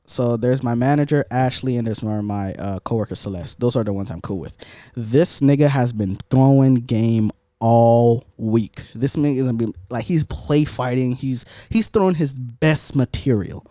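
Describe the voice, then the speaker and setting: A young man with a dark, mellow voice tells a rambling story among friends, full of "like" and "basically". The sound is dry and close. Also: mid-range voice, moderate pace, hardly any pauses, no room sound. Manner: rambling storytelling with many fillers. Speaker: podcast storyteller. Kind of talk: casual chat.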